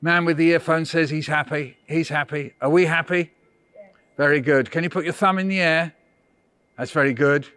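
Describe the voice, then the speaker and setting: A man's voice: on the high side, steady tone, normal speed, a bit bright, clear, resonant tone. An older English man leading a school workshop for small children, playful and coaxing, counting them into call-and-response chants. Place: indoor school room with children.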